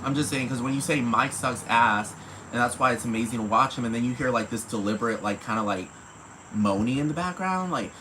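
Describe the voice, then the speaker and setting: Brisk and forceful, this podcast host's bright mid-range voice runs through rambling, profane solo commentary as he keeps asking whether you know what he's talking about. The recording is rough, with slight background noise.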